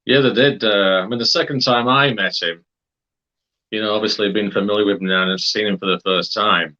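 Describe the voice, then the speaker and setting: A man's voice: lowish voice, steady tone, fairly quick, bright, forceful tone, dull audio. A man from Wakefield, England, telling a story in a casual, rambling way, with many fillers and hesitations. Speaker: interviewee.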